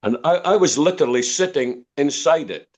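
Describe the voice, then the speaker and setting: This older musician from Dundee, Scotland, guests on a podcast interview, telling long stories that ramble, loop back on repeated words and restart. His voice runs on the high side, expressive, at a moderate pace.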